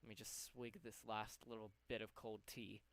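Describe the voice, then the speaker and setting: A man's voice: fairly low pitch, level tone, normal speed, a bit bright. A young man live-streaming from home, slightly out of breath, rambling with lots of ums as he works. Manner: rambling, lots of ums, talks to himself while working. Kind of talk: casual live-stream chat.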